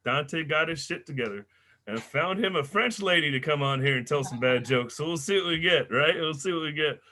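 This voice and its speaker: Animated, bright-voiced man hosting comedy. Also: fairly high pitch, a little fast. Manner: loud, animated storytelling with swearing and big voices for characters. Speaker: comedy show host.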